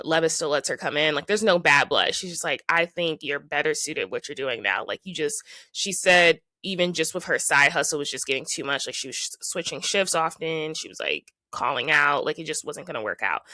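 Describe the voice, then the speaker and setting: A woman's voice: deep voice, pushed and bright, no echo. A young woman hosting a podcast, casually recapping reality TV gossip with lots of "like" and acted-out quotes. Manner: chatty gossip, frequent "like" and quoted asides. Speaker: podcast host.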